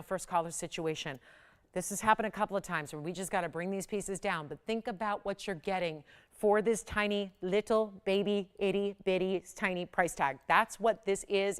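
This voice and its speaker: A woman hosting a live shopping channel, pitching jewelry in a chatty, persuasive way that builds to excited peaks. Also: clear, resonant tone.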